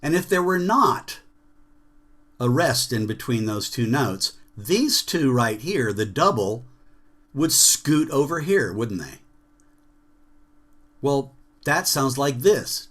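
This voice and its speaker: A man teaches a jazz rhythm workshop over a video call. He speaks slowly and deliberately, with a bright, forceful tone. He breaks off into sung rhythm syllables and checks that everyone is following. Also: medium pitch, very animated.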